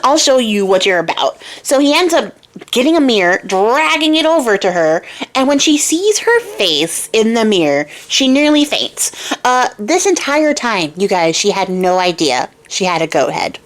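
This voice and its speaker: A woman's voice: on the high side, sing-song, moderate pace. A woman hosting a craft channel who retells a fairy tale in a chatty, wry, casual way and laughs often. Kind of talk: casual storytelling vlog.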